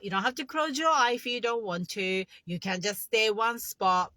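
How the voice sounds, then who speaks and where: Bright-voiced woman coaching meditation. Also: fairly high pitch, big pitch swings, unhurried, few pauses, no echo. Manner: chatty, non-native English phrasing, guiding breaths. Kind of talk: casual instructional talk.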